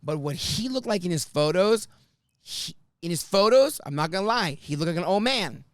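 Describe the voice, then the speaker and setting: A man hosting a casual podcast, spinning a story with plenty of swearing and acted-out quotes. His pitch swings widely, and the sound is dry and close to the mic. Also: normal speed, dry recording. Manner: animated, swears often, acts out quotes. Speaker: podcast host.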